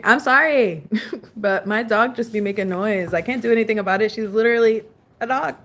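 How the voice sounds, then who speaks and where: Her voice is a little high and fairly bright, at a normal pace, as she chats casually on a home stream, answering viewers and scolding her dog between remarks. Slight hiss or hum is audible.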